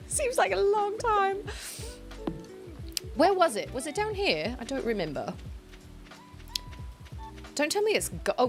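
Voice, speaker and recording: A woman streaming a game, chatting casually, giggling and thinking out loud as she plays. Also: extremely high pitch. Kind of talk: casual gameplay streaming chat.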